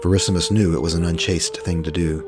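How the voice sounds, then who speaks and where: A man narrating a scripted story in a measured, even reading. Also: low voice, over music.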